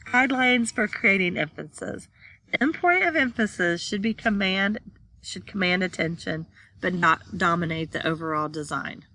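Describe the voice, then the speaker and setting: Bright-voiced woman teaching from slides. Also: on the low side, normal speed. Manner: reads slide text aloud, then restates it plainly; points at pictures while explaining. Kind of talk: classroom slide lecture.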